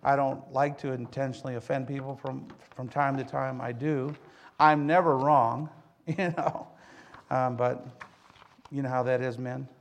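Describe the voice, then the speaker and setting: A man's voice: mid-range voice, fairly even intonation, a little slow, gravelly. A middle-aged man preaching a sermon, a joking, folksy storyteller who talks straight to his congregation. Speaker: pastor.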